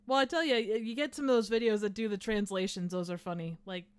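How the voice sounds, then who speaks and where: A woman's voice: mid-range voice, steady tone, fast, clear, resonant tone, no echo. A woman hosting a livestream, chatting casually and rambling as she reads out the chat. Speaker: livestream host.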